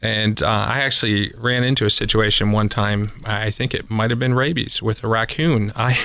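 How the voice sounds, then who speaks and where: A man's voice: fairly low pitch, fairly even intonation, moderate pace, bright, forceful tone, dry recording. Chatty pest control guy on a radio show, ums and little laughs, dry close sound. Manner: rambling, chuckling, many fillers. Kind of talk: casual radio interview storytelling.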